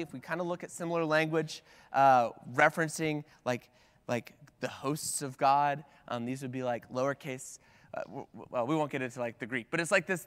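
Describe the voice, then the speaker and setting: Man, preacher, high voice, chatty sermon, lots of fillers and restarts, long church reverb. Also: a bit bright. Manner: conversational, with many "like"s and restarts. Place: church sanctuary at the pulpit.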